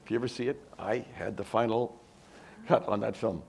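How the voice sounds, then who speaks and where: A man's voice: on the low side, fairly quick, creaky, a little hiss or hum. An older man telling anecdotes as a guest speaker at a university event, acting out other people's dialogue. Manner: animated, acts out quoted dialogue. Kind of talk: anecdotal storytelling at a talk.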